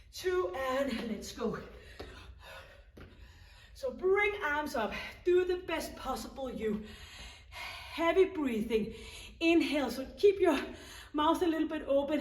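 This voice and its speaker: A woman's voice: sits high, slight background noise. A woman leading a home workout, counting down reps and encouraging the listener as she coaches. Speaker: fitness instructor. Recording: echoey room, mic at a distance.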